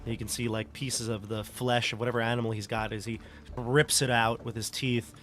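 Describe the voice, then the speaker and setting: A man's voice: medium pitch, flat delivery, brisk, fairly bright tone. Rambling male game master. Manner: loose, rambling narration full of "like" and "you know". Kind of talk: narrating a tabletop game.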